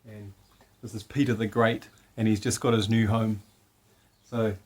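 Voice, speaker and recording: A man chatting excitedly at home beside a fish tank, often cooing to his pet fish in a high sing-song voice. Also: unhurried. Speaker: vlogger. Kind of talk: casual home vlog.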